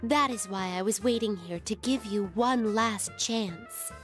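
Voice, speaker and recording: Woman voicing a calm, mysterious, formal wanderer. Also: medium pitch, faint music behind, natural voice. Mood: solemn. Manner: slow, polite, measured formal speech. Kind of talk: video game voice acting.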